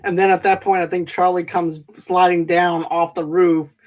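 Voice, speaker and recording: A man's voice: sits high, level tone, moderate pace. Man rambling through a movie recap. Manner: rambling retelling with fillers and restarts. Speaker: podcast host. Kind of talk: casual movie review chat.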